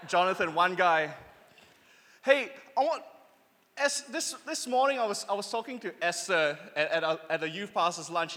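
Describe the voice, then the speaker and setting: High-voiced young pastor in a reverberant hall. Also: male voice. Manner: lively, urging the crowd to call back. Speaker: youth pastor. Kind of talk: sermon.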